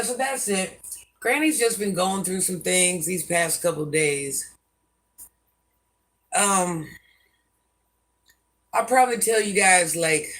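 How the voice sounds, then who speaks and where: Medium in pitch and fairly bright in tone, an older woman's voice carries a casual livestream as host. She responds to viewer comments bluntly and with plenty of sass, often speaking of herself in the third person.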